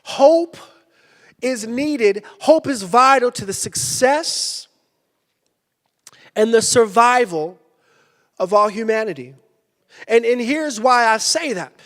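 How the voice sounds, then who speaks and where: A male pastor giving a sermon, telling a personal story with lively energy and sudden shouted bursts. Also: very high-pitched, slow, long pauses. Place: church sanctuary. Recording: church hall with long reverb.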